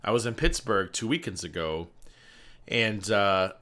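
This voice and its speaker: A man's voice: fairly low pitch, animated, measured pace, bright, forceful tone. A man guesting on a casual stream, rambling chattily through profane anecdotes. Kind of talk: casual storytelling chat.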